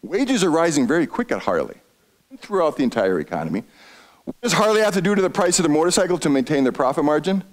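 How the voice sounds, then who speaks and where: A man's voice: fairly high pitch, very animated, fast talker. A man giving an economics lecture, quizzing his audience with questions and answering them himself. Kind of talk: lively lecture to a retiree audience.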